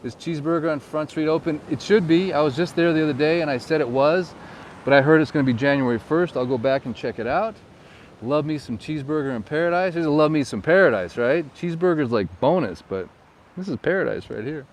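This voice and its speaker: A man in his forties chats loosely and playfully with live viewers while he rides around outdoors. His voice sits somewhat high and now and then leaps into excited squeals. Faint surf and waves wash behind him. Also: fairly quick, a little hiss or hum. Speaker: real estate agent and vlogger. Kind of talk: live-stream vlog chatting with viewers. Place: outdoors on the island, riding a golf cart near the surf.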